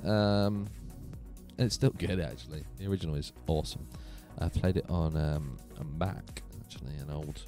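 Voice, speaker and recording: A man hosting a casual gaming live stream from his home computer room, chatty and animated, laughing often. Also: very deep voice, moderate pace, faint music behind.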